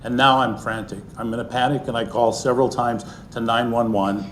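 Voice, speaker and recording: A middle-aged man telling a personal story to an audience, earnest, and often sinking into a soft, hushed voice. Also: medium pitch, steady tone, fairly quick, a little hiss or hum. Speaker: speaker sharing a personal story.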